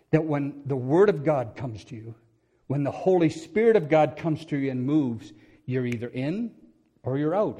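A man's voice: medium pitch, breathy edge. Man preaching a storytelling sermon. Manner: storytelling with laughs and acted-out quotes, swinging from loud to quiet.

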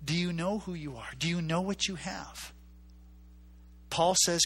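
Unhurried and husky, a preacher tells his sermon as a story in a bright, forward tone, pitched slightly higher than usual. He slips into characters' voices and uses repetition to drive each point home.

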